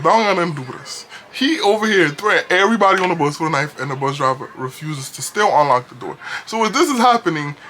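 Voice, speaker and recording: Animated young New storyteller, bright voice. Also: male voice, high-pitched, a little hiss or hum. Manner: animated, casual, laughing storyteller. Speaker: vlogger. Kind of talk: storytime vlog.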